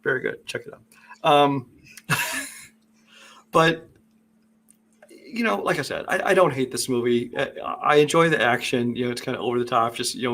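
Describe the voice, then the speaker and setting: A man talks through his mixed feelings about a film, wandering with ums and restarts. His voice sits in an ordinary middle pitch. The delivery is loose and conversational. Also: fairly bright tone. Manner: critical, rambling, many fillers. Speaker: podcast co-host. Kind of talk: casual movie chat.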